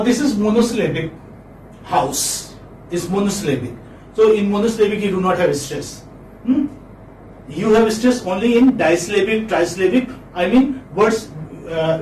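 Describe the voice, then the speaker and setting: Male phonetics lecturer, high voice, distant mic, faint hiss, patient and repetitive. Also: a little mellow. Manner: repeats words slowly, asks "hmm?" to check students. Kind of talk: classroom lecture. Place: classroom. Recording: echoey room, mic from afar, faint noise.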